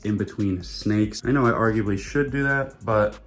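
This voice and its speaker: A man's voice: on the low side, moderate pace, faint music behind. A man, chatting casually and jokingly as he tends his snakes. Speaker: reptile keeper and vlogger. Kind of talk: casual vlog.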